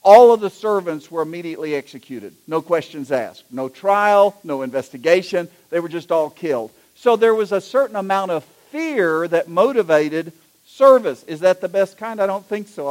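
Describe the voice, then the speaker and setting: A man's voice: high-pitched, normal speed. A middle-aged man, an executive pastor, preaching a sermon in a folksy, storytelling way. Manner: folksy, anecdotal, animated when telling jokes.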